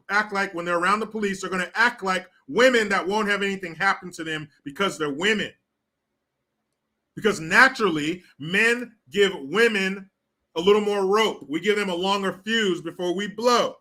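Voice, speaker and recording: High-pitched, bright-voiced man ranting. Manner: blunt, profane, indignant. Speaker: commentator. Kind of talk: ranting commentary.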